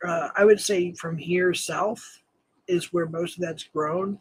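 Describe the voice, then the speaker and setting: A man's voice: high-pitched, fairly even intonation, takes it slowly, slightly rough, rough recording. A man from New Mexico hosting a casual live-stream chat, rambling with many fillers and self-corrections and chuckling often. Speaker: host.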